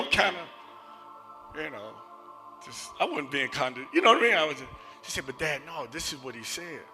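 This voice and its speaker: A man preaching a sermon and telling personal stories, moving between loud emphatic passages and hushed near-whispers. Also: on the high side, lively intonation, normal speed, soft background music. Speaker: associate minister. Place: church sanctuary.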